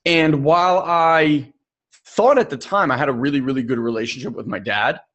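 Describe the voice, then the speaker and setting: A young adult man with a voice pitched a little high for a man, talking through a self-help podcast. He tells stories with energy and slips into the voices of the people he quotes. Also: normal speed. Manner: animated storyteller, acts out quoted people. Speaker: podcast co-host. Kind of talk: personal development podcast talk.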